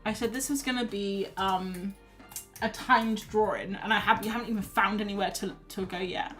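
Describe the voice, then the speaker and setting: A woman livestreaming her art, chatting casually and laughing at herself as she thinks out loud. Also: mid-range voice, fairly even intonation, moderate pace, faint music behind. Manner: chatty, self-deprecating, thinks aloud while reading chat. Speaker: art streamer.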